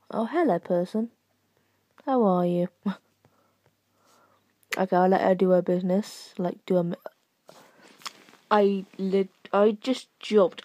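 A woman's voice: mid-range voice, gravelly, darkish tone, no echo. A young woman casually commenting on her own game play from her bed, giggling and mocking herself, sometimes dropping to a whisper. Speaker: gaming channel host.

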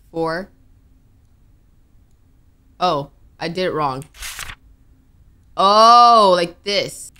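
A woman's voice: lowish voice, pushed and bright. A young woman narrating her own horror game play, jumpy and nervous, reacting with gasps and worried asides. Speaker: gaming streamer. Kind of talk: let's play commentary.

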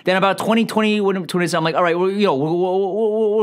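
A man's voice: high-pitched, fairly quick, clean tone. A man delivering a comedic movie rant, rambling and exasperated, full of profanity. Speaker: comedic ranting reviewer.

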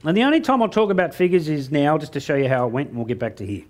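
A middle-aged Australian man on stage as a motivational speaker, his fairly high voice swinging widely in pitch. He tells cheeky stories with a jokey punchline rhythm and acts out the dialogue himself. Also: lively intonation, rapid-fire, a little mellow. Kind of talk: keynote speech to a live audience.

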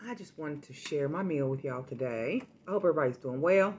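A woman hosting a casual food vlog, talking straight to her viewers and telling a story in a lively, chatty way. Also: low-pitched, fairly quick, a little hiss or hum. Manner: chatty, addresses viewers directly, animated storytelling. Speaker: food vlogger.

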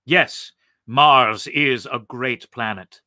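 A man voicing a timid, bewildered Martian man who speaks softly and hesitantly. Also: mid-range voice, very slow, no room sound, clean studio sound, heavily acted. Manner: soft, hesitant, polite.

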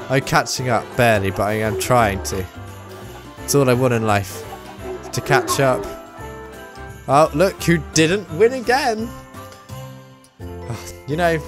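Excitable gamer, very lively pitch. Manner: excitable, self-mocking, prone to outbursts. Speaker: gaming YouTuber. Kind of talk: let's play commentary.

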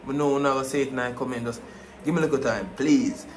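A man's voice: medium pitch, steady tone, fast. A young man vlogging casually at an airport, laid-back and full of street slang. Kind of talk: casual travel vlog. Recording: echoey space with faint noise.

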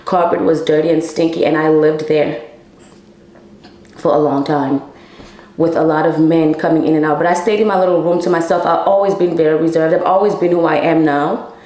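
Candid young woman with a low voice. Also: fairly even intonation, fairly quick, dark tone, echoey room, low-quality recording. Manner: candid, emotional, swears freely, addresses viewers as y'all. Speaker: vlogger telling a personal story. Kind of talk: casual storytime.

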